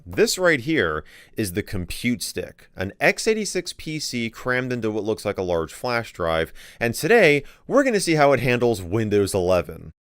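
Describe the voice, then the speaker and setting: A man's voice: lowish voice, no echo. A man hosting a tech video, explaining a small computer stick in a conversational tone. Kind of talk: scripted tech review narration.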